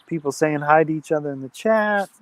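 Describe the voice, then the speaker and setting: A man's voice: on the high side, a little fast, smooth. A man hosting an outdoor campfire live stream, chatting casually and reading viewer comments aloud. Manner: chatty, reads chat aloud, friendly shout-outs.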